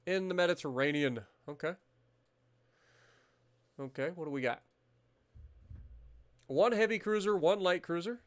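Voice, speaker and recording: A man streaming a naval strategy game, commenting casually, swearing freely and bursting into loud disbelief at the battle results. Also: high-pitched, a little slow, pauses often. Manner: muttering calmly while managing menus.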